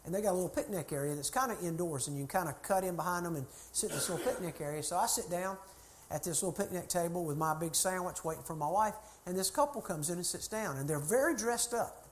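A man's voice: high voice, fast talker, slight background noise. A middle-aged man, a church consultant telling a folksy, chatty story to a group. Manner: folksy, chatty anecdotes with laughter.

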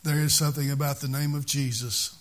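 A man's voice: mid-range voice, flat delivery, fairly quick. A man preaching a sermon at a church service, with a fervent, repetitive preaching cadence.

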